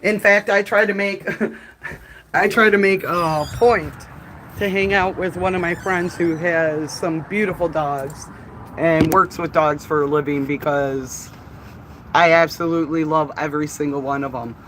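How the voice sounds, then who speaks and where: A man chatting on a live stream from a bar, telling animated stories, laughing often and swearing freely. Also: a little high, a little slow, a little hiss or hum, poor audio. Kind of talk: casual live-stream chat. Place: bar, indoors.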